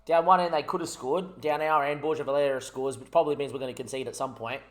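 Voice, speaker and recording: A man's voice: medium pitch, steady tone, quick pace. A young man giving frustrated, rambling commentary over his own gameplay, swearing often. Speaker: gaming YouTuber.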